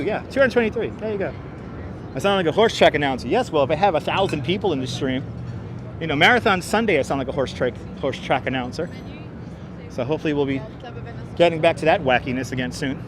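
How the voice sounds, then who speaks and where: Street noise is clearly audible as this man streams his city walk, outdoors and in an elevator, through a wireless clip-on mic. His voice is a little high, animated, and fast. He chats playfully and now and then bursts into loud yells and sing-song calls.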